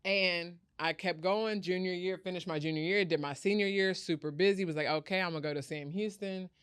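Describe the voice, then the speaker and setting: Woman, animated storyteller, smooth clear voice, dry close sound. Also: fairly low pitch, fairly quick, dry recording. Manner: animated, acts out quoted voices. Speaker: guest, startup founder. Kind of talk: storytelling in an interview.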